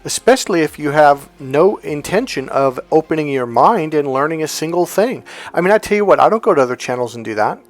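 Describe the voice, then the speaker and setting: A man's voice: fairly high pitch, expressive, a little fast, hardly any pauses, faint music behind. A man who coaches on relationships, giving a blunt, emphatic vlog rant and swearing freely.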